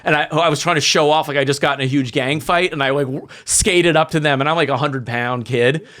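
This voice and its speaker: A man, telling lively stories as a podcast guest and acting out what people said. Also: fairly high pitch, a little fast. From New York. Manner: animated storyteller acting out quotes, many fillers. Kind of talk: casual storytelling chat.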